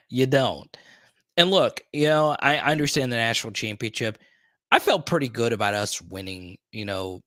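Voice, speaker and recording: A man's voice: medium pitch, a bit bright, dry recording, clean studio sound. A man hosting a live stream in casual chat, playful and teasing, with a joking repeated "huh?".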